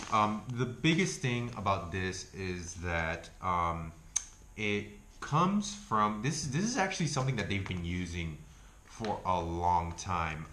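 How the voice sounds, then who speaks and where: Casual male vlogger, Argentine accent, very low voice, loose and profane, echoey room with faint hiss. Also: sharp tone. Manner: rambling, swears freely, self-correcting. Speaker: health food vlogger. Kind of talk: casual chat review.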